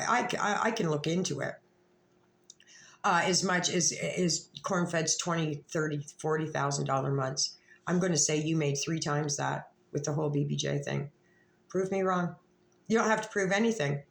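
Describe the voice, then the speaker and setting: A woman with a lowish voice rambles through a profane, confrontational vlog rant. Her words bounce around an echoey room, and she talks with blunt, jumping thoughts. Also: creaky. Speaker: vlogger. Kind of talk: rambling direct-to-camera rant.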